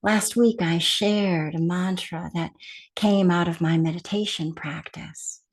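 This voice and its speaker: A woman giving a meditation talk as a teacher, speaking gently and softly and sometimes dropping to a whisper. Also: on the low side, measured pace. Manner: gentle and soft-spoken, with hushed whispered phrases.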